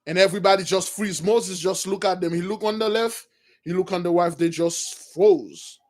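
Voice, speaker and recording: A man with a high voice retells a religious story in a loose, animated way. He talks straight to his listeners and calls them brothers. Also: normal speed. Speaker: preacher, storyteller.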